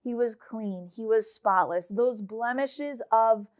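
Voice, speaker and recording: High-voiced woman teaching kids the Bible. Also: takes it slowly. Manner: lively storytelling that mixes scripture reading with casual retelling. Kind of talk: Bible story lesson for children.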